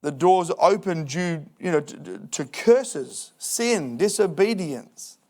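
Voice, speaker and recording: A man preaching in a church, his voice sitting a little high for a man. He talks in a loose, joking way and slips into mock voices to act out other people's excuses. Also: slow. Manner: lively, jokey preaching with acted-out excuses. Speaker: pastor. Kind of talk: sermon. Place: church hall.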